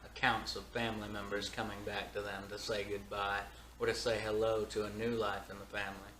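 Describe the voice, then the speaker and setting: Laid-back low-voiced man in an echoey room. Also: level tone, fairly bright tone, slight background noise. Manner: laid-back, agreeable, drawn-out musing. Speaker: co-host, band member. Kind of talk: casual chat. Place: room in an old house. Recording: echoey room, faint ambience.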